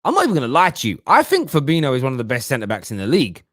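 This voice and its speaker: A man hosting a live football fan show, reading viewer comments and answering them in animated, slangy casual chat. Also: mid-range voice, very fast, dry recording, clean studio sound. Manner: animated, mocking put-on voices, London slang like "bruv". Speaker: football talk show host.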